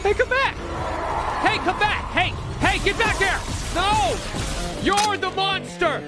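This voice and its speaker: Someone doing a shrill yelling cartoon character. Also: slow pace. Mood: demanding. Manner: yelling, demanding. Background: loud music.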